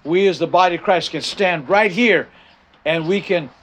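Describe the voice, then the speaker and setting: An older male pastor preaches in a fairly high voice, hammering his key phrases again and again. His sentences often restart before he drives the point home. A faint hum of room ambience sits behind him. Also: normal speed, fairly bright tone. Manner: emphatic, repeats key phrases, frequent restarts. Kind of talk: sermon with personal story.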